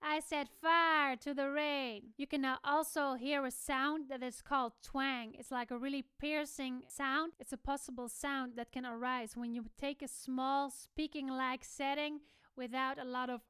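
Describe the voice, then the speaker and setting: Young woman, vocal coach, high voice, crisp tone, dry close sound. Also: fairly even intonation, normal speed, fairly bright tone, no room sound. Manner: demonstrative, switching between explaining and sung or spoken examples. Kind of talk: singing lesson.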